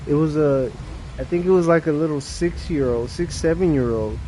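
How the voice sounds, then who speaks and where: A man's voice: a little high, normal speed, mellow, slight background noise. A young adult man streaming a game late at night, chatting casually in a rambling, profane way with restarts.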